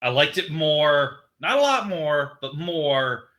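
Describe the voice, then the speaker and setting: Jokey, animated man hosting a podcast. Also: on the high side, slow pace. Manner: jokey, animated, laughs at his own bits. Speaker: podcast co-host. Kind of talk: casual chat.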